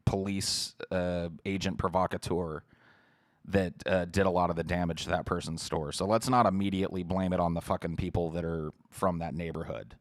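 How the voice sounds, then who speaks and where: A man's voice: deep voice, steady tone, moderate pace, no echo, studio quality. A podcast host, a man, giving a heated, profane livestream rant while answering chat messages.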